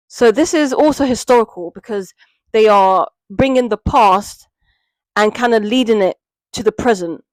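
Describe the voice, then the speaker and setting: A woman's voice: fairly high pitch, normal speed, darkish tone, no echo, rough recording. A British woman chatting casually through a book review, with plenty of fillers and asides. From Britain.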